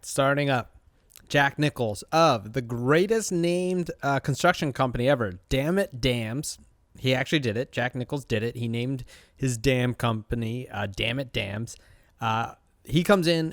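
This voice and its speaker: A man's voice: mid-range voice, smooth, no room sound, studio quality. A man hosting a casual show recap, talking in a chatty, rambling way with many fillers. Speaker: host.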